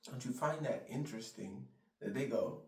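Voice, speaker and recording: A man's voice: mid-range voice, normal speed, darkish tone. Heated, swearing male vlogger; rambling rant, distant mic in a reverberant room. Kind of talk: ranting monologue. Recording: roomy sound, mic far off.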